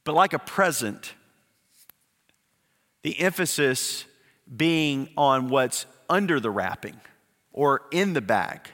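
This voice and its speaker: A man's voice: mid-range voice, lively intonation, fairly bright tone. Man preaching in a reverberant hall. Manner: emphatic preaching with repetitions and slowed, dropped phrases. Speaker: pastor. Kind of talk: sermon.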